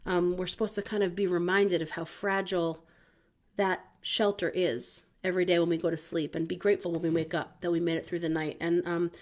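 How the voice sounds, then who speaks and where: A woman's voice: lowish voice, flat delivery, fairly quick. A woman musician speaking casually and reflectively between songs, with frequent ums, from outdoors in the woods. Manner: soft, reflective, with many ums.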